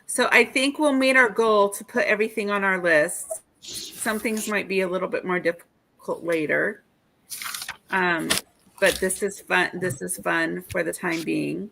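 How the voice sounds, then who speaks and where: Sleepy woman with a gravelly voice. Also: on the low side, pushed and bright, slight background noise. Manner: drowsy, halting with fillers. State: sleepy, yawning. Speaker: livestream host. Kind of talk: casual late-night livestream chat.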